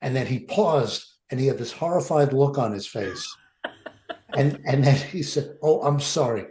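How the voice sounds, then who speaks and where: A man's voice: medium pitch, lively intonation, a little slow, warm tone, echoey room, slight background noise. A man on a video call panel telling an anecdote with ironic asides. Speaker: comedy panelist.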